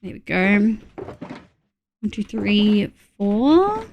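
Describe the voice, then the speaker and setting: Slow-talking woman counting aloud while gaming. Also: mid-range voice, big pitch swings, muffled recording, a little hiss or hum. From Australia. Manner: counts items aloud under her breath, chatty asides. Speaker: streamer. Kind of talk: casual gameplay chat with chat readers.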